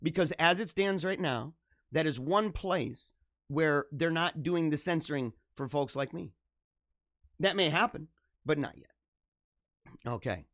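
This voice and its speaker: A man hosting a casual live stream, reading viewer comments, animated and jokey, laughing often. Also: fairly high pitch, a little slow, long pauses, no room sound, studio quality.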